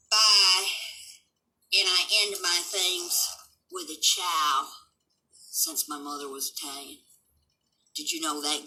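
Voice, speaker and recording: Brief: older woman, 70s, home livestream host; combative and unfiltered, piercingly bright timbre. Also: deep voice, poor audio. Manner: blunt, combative, swearing, defiant. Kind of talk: unscripted livestream rant.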